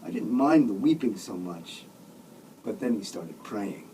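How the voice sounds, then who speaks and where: A man's voice: fairly low pitch, lively intonation, measured pace, warm tone, recorded from a distance, a little hiss or hum, rough recording. A man, the author, reading his own comic novel aloud in a sardonic, grumbling manner with mock outbursts.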